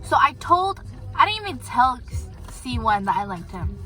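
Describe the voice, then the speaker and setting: A teenage girl with a high, bright voice talks casually to the camera. She gossips in a chatty, storytelling way. Faint music plays behind her. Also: sing-song, normal speed. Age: teens. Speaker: vlogger. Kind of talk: casual chat.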